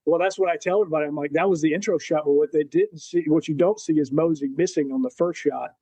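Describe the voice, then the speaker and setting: A man with a fairly high but mellow, warm voice tells war stories on a podcast. He slips into the voices of the people in his stories as he goes. The sound is dry and close. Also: fast, husky, dry recording, poor audio. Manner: animated storyteller who acts out quotes. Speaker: podcast guest, Marine veteran. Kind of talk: casual storytelling.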